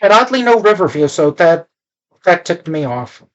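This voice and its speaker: A woman's voice: on the low side, big pitch swings, normal speed, dull audio. A woman co-hosting a casual movie review chat, butting in with jokes and teasing asides. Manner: joking, teasing interruptions. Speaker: podcast co-host.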